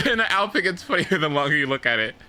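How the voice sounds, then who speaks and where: A man hosting a casual livestream chat, giggly and animated, breaking into high squealing laughter and exaggerated reactions. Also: quick pace. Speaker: livestream host.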